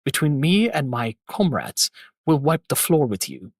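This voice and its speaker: A man's voice: on the high side, big pitch swings, measured pace, no echo, clean studio sound, pitched below the performer's own voice. A man voicing a sneering male villain who mocks and belittles a rookie hero. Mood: taunting. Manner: taunting, condescending.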